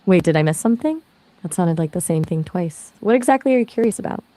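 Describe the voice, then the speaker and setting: A breezy female AI voice fields questions in easy chat, pitched a little low for a woman. She explains things casually and keeps the talk rolling. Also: animated, fast talker, warm tone, dry recording. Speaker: AI conversation partner. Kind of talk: conversational Q&A answers.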